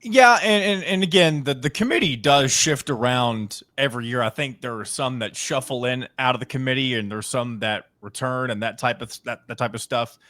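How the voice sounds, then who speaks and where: A man hosting a sports talk show, breaking down rankings in a measured, analytical way. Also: medium pitch, bright, forceful tone, dry recording.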